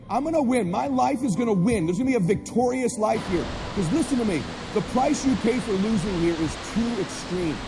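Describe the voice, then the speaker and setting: A man giving a fiery motivational speech to a live audience, hammering the same lines over and over and at times shouting. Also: extremely high pitch, gravelly. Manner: insistent, repetitive exhortations, bursts of shouting. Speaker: motivational speaker. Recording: echoey hall, music underneath.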